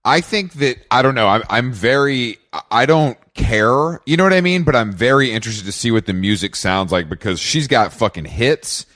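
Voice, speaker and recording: A man's voice: mid-range voice, expressive, normal speed, few pauses, fairly bright tone, no echo, clean studio sound. A man co-hosting a podcast in casual chat who restarts his sentences and trails off. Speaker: podcast co-host.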